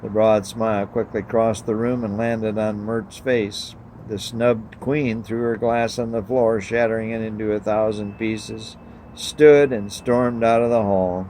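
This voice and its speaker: Male preacher, low voice, measured reading, faint room hum behind. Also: fairly even intonation, mellow, low-quality recording. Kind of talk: read story and sermon.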